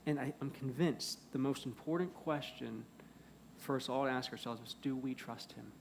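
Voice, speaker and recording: A pastor preaching a sermon in a church, earnest, moving between loud emphasis and hushed pleading. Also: male voice, medium pitch, normal speed, gravelly, slight background noise. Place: church sanctuary.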